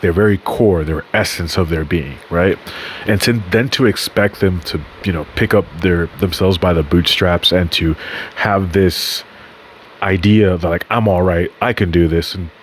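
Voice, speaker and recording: A man with a very low voice hosts a podcast in a loose, rambling monologue. He swears casually and stumbles over words, backing up to fix them. A faint hiss sits under the recording. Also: measured pace. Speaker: podcast host.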